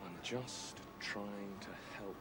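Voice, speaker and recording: An actor with a British accent playing an awkward husband trying to calm his wife, soothing and placating, in a TV drama with music under the dialogue. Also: fairly low pitch, slow. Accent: British English.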